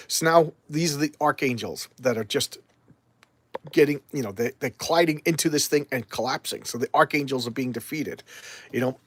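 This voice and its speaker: Man, enthusiastic comics talk, rambling, slightly high voice, dry close sound. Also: no room sound. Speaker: comics vlogger. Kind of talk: casual chat.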